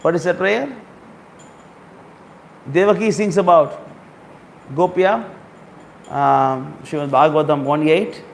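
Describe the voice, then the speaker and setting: A man giving a storytelling sermon, repeating phrases and slowly explaining words and verses. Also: a little high, vocal fry, a little hiss or hum. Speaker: speaker at a temple gathering.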